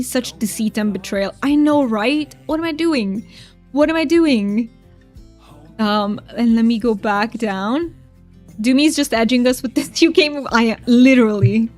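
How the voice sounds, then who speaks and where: Chatty, giggly young woman streamer. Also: a little high. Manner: chatty, giggly, reads chat aloud. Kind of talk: casual livestream chat.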